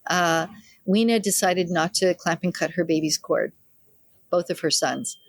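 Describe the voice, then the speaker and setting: In a fairly low, unhurried voice, an older midwife being interviewed shares anecdotes about her family, bringing quoted relatives to life with lively acting. The studio-quality recording has no echo.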